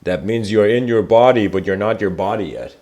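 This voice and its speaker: A man giving a livestreamed spiritual talk, telling stories reflectively and slowing down for emphasis. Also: lowish voice, darkish tone. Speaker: spiritual lecturer.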